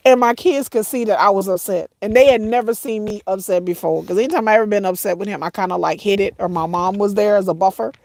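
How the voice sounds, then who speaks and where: With a medium-pitched, slightly mellow voice and no echo, a woman vlogger tearfully tells a painful story. She addresses viewers as "y'all," speaks haltingly with repetitions, and her voice sometimes breaks.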